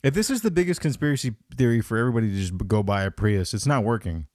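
A man hosting a comedy podcast, talking in a rambling, profane, excitable way. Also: mid-range voice, racing, dry recording, studio quality. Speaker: podcast host. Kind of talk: casual comedic podcast chat.

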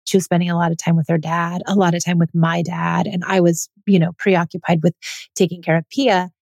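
A woman's voice: fairly low pitch, level tone, brisk, creaky, darkish tone, no echo. A woman in her thirties, a mother, speaking candidly and reflectively in a personal monologue. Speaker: mother telling her parenting story.

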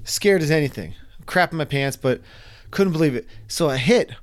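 A young man casually telling a wild personal story, animated, sometimes acting out his own panicked screams. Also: on the high side, moderate pace.

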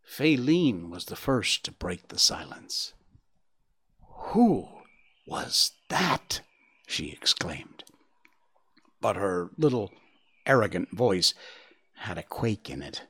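Man, storybook narrator, slow, lively pitch, hushed whispers. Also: breathy edge. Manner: hushed, expressive reading with dips to near whispers.

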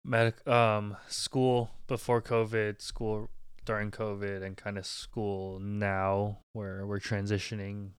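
A man's voice: lowish voice, level tone, slow pace, clean tone, no echo. Laid-back young man, dry close sound. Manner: easygoing, laid-back, fillers like "kinda" and "like". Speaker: medical student. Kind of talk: casual conversation.

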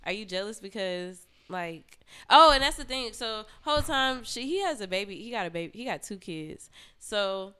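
A young adult woman, a podcast guest, telling an explicit story in casual chat, animated and profane, with lots of "like". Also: mid-range voice, normal speed, clear, resonant tone.

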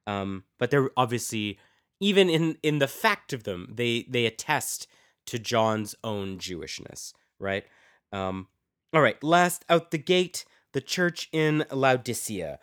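A man's voice: on the low side, a bit bright, clean tone. A man hosting a podcast, teaching informally on scripture, musing aloud and posing rhetorical questions to his listeners. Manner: reads scripture aloud with dramatic emphasis. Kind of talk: informal lecture with Bible readings.

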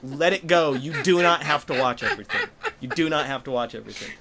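Animated, high-voiced male podcast guest. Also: fast, a loud crowd. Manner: animated storyteller who acts out quotes. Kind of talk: casual conversation.

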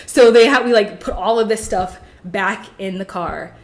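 A woman's voice: mid-range voice, a little fast. A young woman telling a rambling story on a podcast as a guest, packing her talk with "like". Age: young adult. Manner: rambling, fills with "like" constantly. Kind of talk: casual storytelling.

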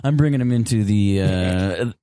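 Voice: sits low, moderate pace, warm tone, clear, resonant tone, no room sound, clean studio sound. Rambling, hesitant improv performer. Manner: rambling, hesitant with many uhs. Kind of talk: improv comedy scene.

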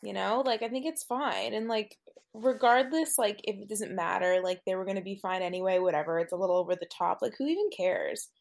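A woman co-hosts a friendly podcast in a casual, giggly way. Her voice sits at an ordinary, mid-range pitch, and she fills her talk with little fillers. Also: a little fast, creaky. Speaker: podcast co-host. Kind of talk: casual chat among friends.

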